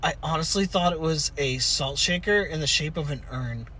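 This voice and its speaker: A man hosting a podcast in casual chat from a parked car, excitable, laughing often and swearing freely. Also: a little high, normal speed, a little hiss or hum. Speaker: podcast host.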